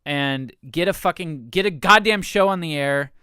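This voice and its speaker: A man's voice: fairly high pitch, moderate pace, sharp tone, clear, resonant tone, no echo, clean studio sound. An American man co-hosting a podcast, rambling and self-deprecating in casual chat, swearing often. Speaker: podcast co-host.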